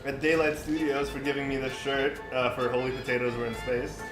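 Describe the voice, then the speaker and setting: A man hosting a gaming podcast, easygoing and halting with fillers. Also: mid-range voice, little pitch movement. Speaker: podcast host steering the show. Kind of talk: casual podcast chat. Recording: roomy room with music behind.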